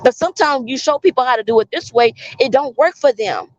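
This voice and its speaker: A woman's voice: high voice, brisk, no room sound, lo-fi sound. A woman vlogger talking in an earnest, preachy way, repeating phrases for emphasis. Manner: preachy, cites scripture. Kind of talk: casual spoken monologue.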